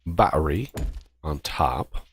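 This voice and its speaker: Deep-voiced, slow-paced male game streamer, casual, thinking out loud. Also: lively intonation, gravelly, slight background noise. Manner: thinks aloud, counts off steps while building. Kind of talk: casual multiplayer gameplay chat.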